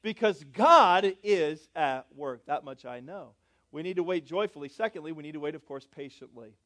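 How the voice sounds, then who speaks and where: A man with a notably high voice preaches to his congregation, surging into loud, stretched-out words and then dropping to soft, low asides. He keeps calling on his listeners with questions and asks them to say lines with him. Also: animated, moderate pace. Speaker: pastor. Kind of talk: sermon.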